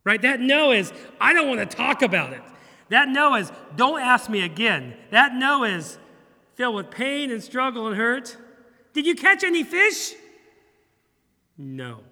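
A middle-aged man, a pastor, preaching a sermon in a church in an animated, humorous way, acting out bits of dialogue. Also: very high-pitched, normal speed, long reverb tail. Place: church sanctuary.

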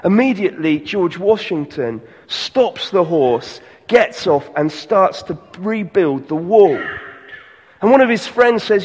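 A pastor giving an earnest sermon, slowing and softening on key lines. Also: male voice, on the high side, slightly rough, long reverb tail.

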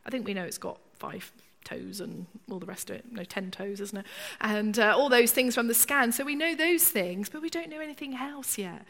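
Bright-voiced woman preaching in a reverberant hall. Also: on the high side, moderate pace, creaky. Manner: conversational, acts out inner voices. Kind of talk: sermon. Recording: long church reverb.

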